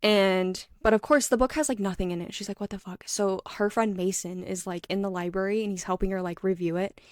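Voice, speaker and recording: A woman co-hosting a book podcast, retelling scenes in a casual, filler-heavy way with quick quoted voices. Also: medium pitch, fairly even intonation, dry recording, clean studio sound. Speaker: podcast co-host. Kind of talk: casual book recap chat.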